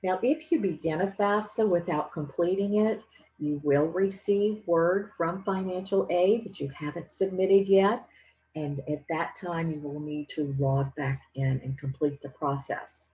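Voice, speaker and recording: A woman giving a financial aid presentation, explaining each step clearly and patiently. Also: lowish voice, steady tone, a little slow, dull audio. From Louisiana. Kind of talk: instructional presentation.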